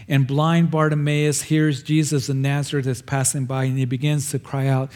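A man preaching in a medium voice, walking his congregation through a gospel story. He shifts between quiet, conversational asides and sudden raised, pleading cries as he acts out the people in the scene. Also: mid-range voice, flat delivery, moderate pace, few pauses. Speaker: pastor. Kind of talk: sermon.

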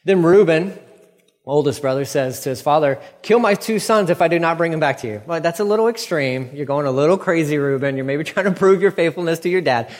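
A man's voice: a little high, brisk, darkish tone, in a large hall. A man preaching a casual sermon, reading scripture and acting out the characters with playful mock voices.

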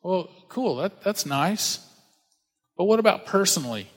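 A man preaching a casual sermon, telling the story with animated asides and acted-out voices. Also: sits high, measured pace. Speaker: pastor. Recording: long hall reverb.

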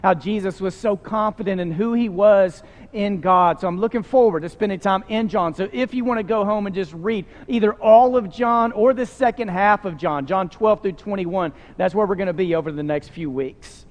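A male pastor delivers a sermon in a high voice with an earnest, conversational tone, often dropping in casual fillers. His words ring out with a long reverb, as if he is speaking in a large church hall. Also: moderate pace.

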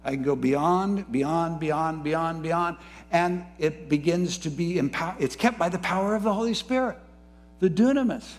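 A man preaching a sermon, moving between soft, low musing and rising, fervent emphasis. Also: normal speed. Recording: faint music behind.

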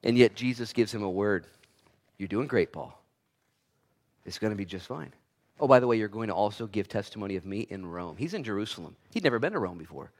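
A man preaching a sermon as pastor, swinging between quiet and loud delivery and acting out the voices he quotes. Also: fairly low pitch, big pitch swings, brisk.

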